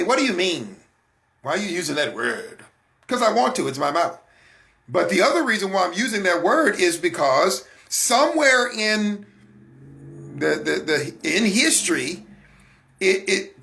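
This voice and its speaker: Gravelly, bright-voiced man musing aloud. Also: high-pitched. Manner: conversational, asks the audience rhetorical questions; repeats and restarts words. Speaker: host of a faith talk broadcast. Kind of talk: casual spoken monologue.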